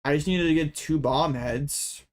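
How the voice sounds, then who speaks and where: A young man giving casual gameplay commentary as a card game YouTuber, excitable and full of dramatic mock complaints. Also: on the high side, measured pace.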